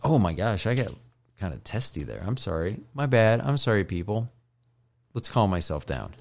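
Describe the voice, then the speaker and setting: A low-voiced man hosts his own podcast while high, drifting from joke to joke. He swears freely and keeps apologizing for himself in a loose, self-mocking ramble. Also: big pitch swings, normal speed, vocal fry, darkish tone, a little hiss or hum. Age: older. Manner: profane, joking, self-deprecating. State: stoned. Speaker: podcast host.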